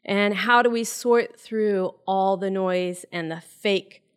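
A woman's voice: medium pitch, fairly even intonation, slow pace, clean tone. A middle-aged woman co-hosting a radio talk show, speaking in an earnest, conversational way. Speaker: co-host. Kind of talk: casual radio chat.

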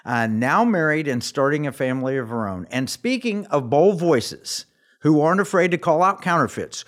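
A man's voice: a little high, lively intonation, normal speed, fairly bright tone. A middle-aged man hosting a radio talk show, with an emphatic, scripted delivery.

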